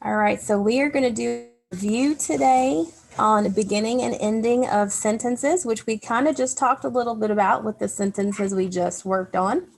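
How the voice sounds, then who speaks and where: A woman's voice: a little high, vocal fry, darkish tone. A woman teacher giving a recorded online class, patiently explaining grammar step by step to young pupils. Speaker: elementary school teacher.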